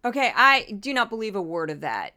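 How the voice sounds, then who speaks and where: A woman's voice: mid-range voice, very animated, a little fast, bright, forceful tone. A woman hosting a podcast, delivering indignant, impassioned commentary and getting worked up as she argues. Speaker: podcast host.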